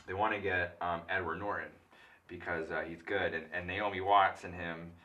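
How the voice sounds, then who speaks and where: A drunk man retelling a film in a rambling, halting way, full of filler words. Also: low voice, fairly even intonation, pushed and bright, far from the mic, dull audio. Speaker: comic film recapper.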